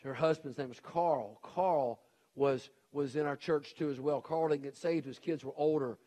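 A man's voice: a little high, normal speed, mellow. A middle-aged man preaching a sermon as pastor, earnest and pleading, with repeated urgent appeals to his congregation.

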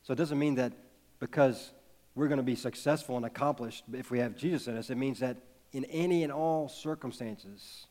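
A man's voice: mid-range voice, a little fast, a little mellow. A man in his thirties preaching a sermon, telling a personal story in an earnest way and building to emphatic peaks. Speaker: pastor.

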